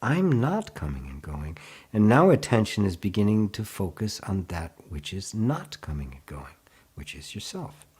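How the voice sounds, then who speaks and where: A man leading a live online satsang, speaking gently and unhurriedly, laughing often and answering viewer comments as he goes. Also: on the low side, very animated, normal speed, husky. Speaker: spiritual teacher.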